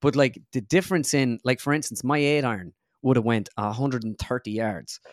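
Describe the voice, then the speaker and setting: A man's voice: medium pitch, a little fast, no room sound, studio quality. A young Irish man, a guest comedian, telling a rambling golf story in casual chat, full of fillers. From Ireland.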